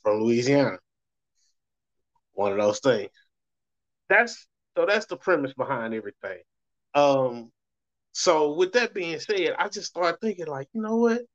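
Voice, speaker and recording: Middle-aged male host with a Southern US accent, loose and chatty, pitched a bit high, on a dull lo-fi recording. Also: big pitch swings, unhurried, pauses often. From Southern United States. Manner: loose, rambling, swings voice up for quoted reactions. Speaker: show host. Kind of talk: casual monologue. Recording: muffled lo-fi recording.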